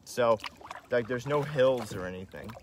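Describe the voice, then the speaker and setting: A young man talking casually on a live stream from a kayak on a river, slangy, swearing and excitable. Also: mid-range voice, measured pace. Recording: loud outdoor wind and water noise.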